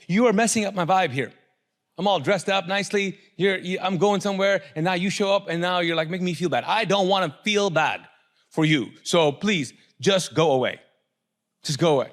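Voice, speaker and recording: A middle-aged male pastor preaching a sermon, asking the congregation questions and acting out the voices of people in the story. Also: sits high. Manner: animated, acts out quoted voices, asks the congregation questions.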